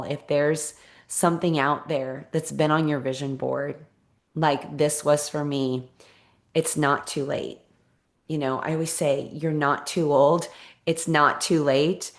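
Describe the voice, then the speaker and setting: A woman with a low voice hosts a podcast, telling her own story as a monologue. She is middle-aged and speaks in an earnest, encouraging way, hammering points home by repeating them. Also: fairly even intonation, unhurried. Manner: earnest, encouraging, emphatic with repetition. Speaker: podcast host.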